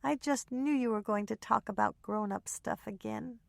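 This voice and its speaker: A polite little girl with a bright, high childlike voice, put on by a woman narrating. She sounds eager and sweet, recorded close and dry. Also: moderate pace, creaky, no echo.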